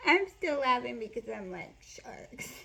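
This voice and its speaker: A woman doing a casual card reading to camera, playful and joking, laughing often, sometimes slipping into soft whispered affirmations. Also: medium pitch, slow pace, gravelly, husky. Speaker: spiritual card reader.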